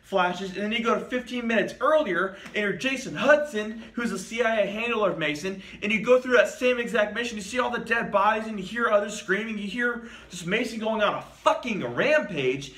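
A man rambles through a casual game review, swearing freely and circling back on himself. His voice sits high and sounds bright and sharp. The room around him is echoey. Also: expressive, fairly quick, few pauses. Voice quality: profane, rambling.

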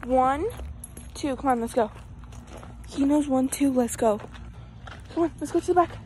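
Young woman, high voice, bossy dog-training vlogger, noisy outdoor phone audio. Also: normal speed, a little mellow. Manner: bossy, commanding toward her dog, swears casually. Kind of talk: casual vlog talk. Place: outdoors at a park. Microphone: phone held in hand.

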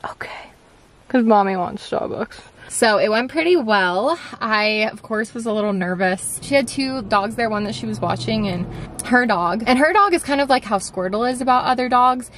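A young woman chatting casually to her viewers at home as a lifestyle vlogger, relaxed and full of "like" fillers. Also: fairly high pitch, normal speed. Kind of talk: casual chat. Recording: steady background noise.

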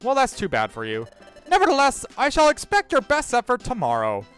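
A player voicing a fussy, excitable bird who runs things, with shrill, emphatic exclamations in a fan dub of a game. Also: moderate pace, soft background music. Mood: haughty.

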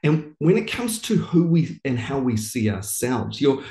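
A man's voice: mid-range voice, sing-song, unhurried, warm tone, reverberant. A man, a guest in an interview, explaining a coaching technique and acting out his dialogues with clients, often repeating words as he thinks.

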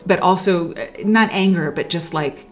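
A woman's voice: on the low side, normal speed, faint music behind. A woman hosting a livestream, telling stories in a rambling, reflective way that often trails off. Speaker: livestream host. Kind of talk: casual livestream storytelling. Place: at home while sewing.

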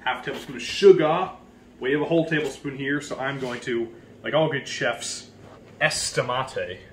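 A man's voice: medium pitch, moderate pace, a bit bright, roomy sound, a little hiss or hum. A young man hosting a casual cooking vlog, joking and bossing his friends around in a home kitchen. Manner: joking, bossy, chatty.

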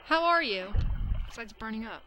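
A woman's voice: fairly high pitch, animated, moderate pace, bright, forceful tone, a little hiss or hum. Impatient young woman gaming. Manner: impatient, mutters at the game. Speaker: gamer playing through a game. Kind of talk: casual let's play commentary.

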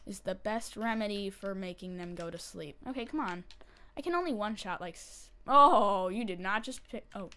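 A woman giving casual commentary while she plays a game, chatty and excitable, breaking into panicky squeals and repeated pleas when things go wrong. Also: medium pitch, normal speed. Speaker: gameplay commentator.

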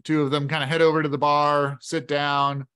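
A man's voice: fairly high pitch, level tone, normal speed, fairly bright tone, smooth. A man narrating a solo tabletop game in a casual, conversational way. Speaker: game master playing solo.

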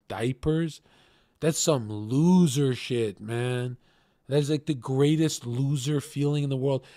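Crude ranting young man, slow and dry. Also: medium pitch, mellow, no room sound. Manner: crude, profane, emphatic. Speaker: streamer. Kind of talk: ranting livestream commentary.

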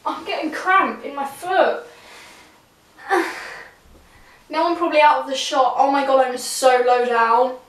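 Talking casually to a tripod camera a few feet off in a small, echoey room, this young woman vlogs in a rambling, giggly, self-deprecating way. Her voice is high and fairly even, unhurried, with frequent pauses, and it sounds as far away as the camera is.

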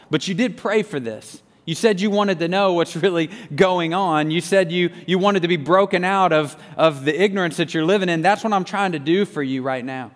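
High-voiced preacher in a reverberant hall. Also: male voice. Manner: storytelling with repeated restarts, earnest. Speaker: pastor. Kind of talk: sermon.

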